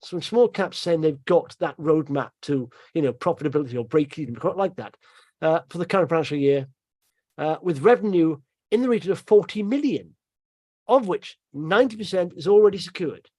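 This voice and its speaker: A man's voice: on the high side, expressive, brisk, dry recording. Chatty man, dry close sound. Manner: chatty, rambling, laughs to himself, trails off quietly. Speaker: market commentary host. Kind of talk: casual market commentary over charts.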